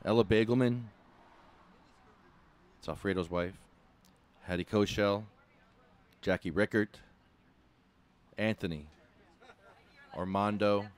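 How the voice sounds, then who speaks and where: A man with a fairly low voice co-hosts a relaxed podcast chat. He talks in an easygoing way and repeats words as he gets going. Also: takes it slowly, pauses often, clean tone. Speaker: podcast co-host.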